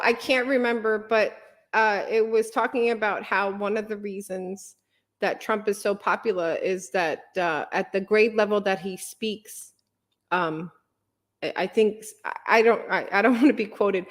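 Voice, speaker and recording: A woman's voice: medium pitch, steady tone, moderate pace, a bit bright. A woman guest on a podcast, speaking earnestly and passionately, with many fillers and restarts. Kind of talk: conversational interview.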